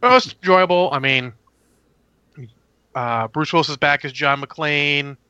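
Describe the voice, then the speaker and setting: A man's voice: on the high side, measured pace, pushed and bright, smooth, dry recording, muffled recording. A man hosting a casual movie review chat, talking in a rambling, opinionated way. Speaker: movie review podcast host.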